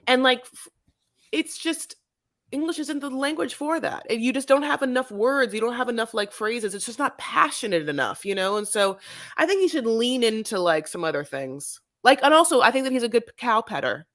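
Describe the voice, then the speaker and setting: A woman's voice: fairly high pitch, lively intonation, moderate pace, a bit bright, no room sound, studio quality. A woman co-hosting a casual recap podcast, talking in a sassy way, swearing freely and calling people honey. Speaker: podcast co-host. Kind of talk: casual reality-TV recap chat.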